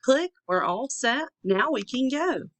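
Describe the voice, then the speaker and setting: An eager young dinosaur driver from a storybook, proud of its loud horn, as a woman reads it aloud. The bouncy sing-song voice sits a little high, and the recording is close and dry. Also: lively intonation, slow, no echo, heavily acted. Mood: excited.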